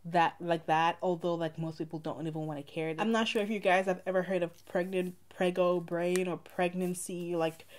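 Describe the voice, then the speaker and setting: A woman's voice: fairly low pitch, steady tone, normal speed, hardly any pauses, darkish tone. A young woman with a mixed Saint Lucian and Bronx accent, chatting casually to her viewers in a rambling get-to-know-me vlog. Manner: chatty, rambling, many "like" fillers. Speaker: vlogger.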